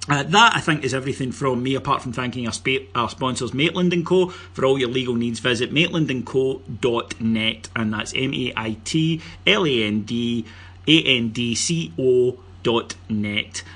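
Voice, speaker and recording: A Scottish man hosts a casual football podcast, with a bright, forceful voice that has a husky edge. He jokes, teases his guests and rattles off plugs and announcements. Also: mid-range voice, normal speed. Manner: jokey, teasing, plugs the show. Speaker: podcast host.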